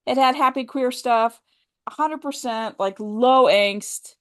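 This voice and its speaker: A woman's voice: fairly high pitch, slow. Chatty enthusiastic woman co-host. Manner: chatty, enthusiastic, many "you know" and "like" fillers. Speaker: podcast co-host. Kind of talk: casual chat.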